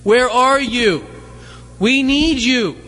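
Man playing needy townsfolk, pleading, husky, high voice, echoing hall. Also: drawn-out words, sharp tone, exaggerated voice. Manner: pleading, insistent. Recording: long hall reverb.

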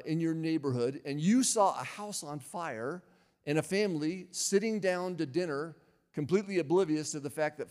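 A man's voice: a little high, a little mellow, in a large hall. An older man, a pastor, preaching a sermon in a conversational way, often asking the audience questions.

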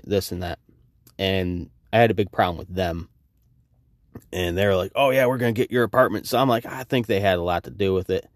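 Low-voiced guy ranting on his podcast, swears a lot, acts out both sides, dry close sound. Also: dry recording. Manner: profane, animated, acts out quoted exchanges. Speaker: podcast host. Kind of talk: casual storytelling monologue.

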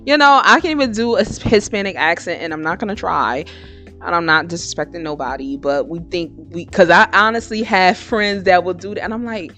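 A woman's voice: mid-range voice, moderate pace, faint music behind. A woman hosting her own podcast, giving frank, slangy advice in a casual monologue. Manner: frank, slangy and animated, switching into impressions. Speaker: podcast host.

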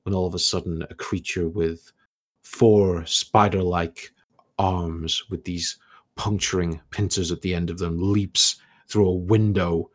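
A man narrating a tabletop game as game master, describing scenes in a relaxed way with many fillers. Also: deep voice, breathy edge.

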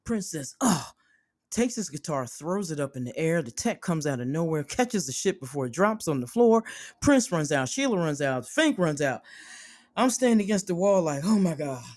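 Animated, profane woman storyteller. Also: sits low, normal speed, dry recording, studio quality. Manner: animated, profane, acts out the people in her story. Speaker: host. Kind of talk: personal storytelling.

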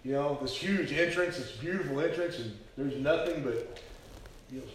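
A man with a drawl preaches an earnest sermon, often stumbling over repeated words. His voice sits a touch high. He is heard from a distance in a very echoey hall with faint noise behind him. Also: moderate pace. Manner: earnest storytelling, frequent stammered repeats. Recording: very echoey hall, speaker far from mic.

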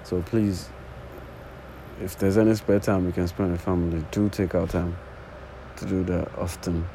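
Low, mellow young man rambling casually. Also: level tone, moderate pace, slight background noise, rough recording. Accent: non-native English accent. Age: early 20s. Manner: rambling, casual, swears often, repeats false starts. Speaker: podcast host. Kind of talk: unscripted solo monologue. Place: sitting on the floor indoors.

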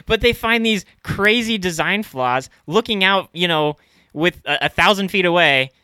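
A young man co-hosting a casual comedy podcast, easygoing and quick to laugh. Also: high voice, animated, pushed and bright, clear, resonant tone, dry recording. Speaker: podcast co-host.

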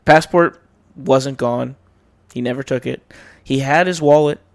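A man's voice: medium pitch, a little slow, creaky. A young man hosting a podcast, telling a long drunken story in a rambling, profane way, full of fillers and acted-out quotes. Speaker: podcast host. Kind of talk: casual storytelling chat.

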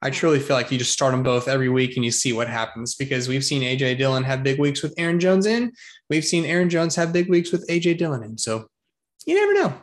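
A man co-hosting a casual football podcast, jokey and excitable, full of slang. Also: mid-range voice, quick pace. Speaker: podcast co-host. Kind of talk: casual sports chat.

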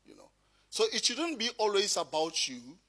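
A South African man preaching with a notably high voice for a man. He is middle-aged and tells stories from the pulpit with an easy, laughing delivery. His sermon moves between teaching and personal anecdotes. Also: moderate pace. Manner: lively storytelling, laughing through anecdotes.

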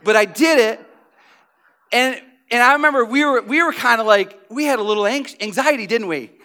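A man preaching a sermon as pastor, telling stories in an animated, conversational way. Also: extremely high pitch, normal speed.

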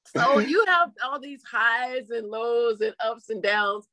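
A woman being interviewed in a casual chat, telling her story animatedly and acting out quotes in lively voices. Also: on the high side, slow pace, no echo. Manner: chatty, with frequent "you know" fillers. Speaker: interview guest.

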